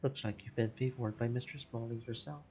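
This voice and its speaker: A cheeky young swindler woman from a dockside gang, voiced by a man in a game. She talks in brash slang. The voice is gravelly and dark, with faint music behind. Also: mid-range voice, steady tone, a little fast, lo-fi sound, lightly acted.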